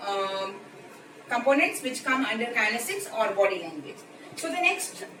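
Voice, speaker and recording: A woman from India with an Indian English accent, giving a lecture video and explaining terms step by step. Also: high-pitched. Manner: explanatory, repeats key terms. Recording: echoey room, mic at a distance, background noise.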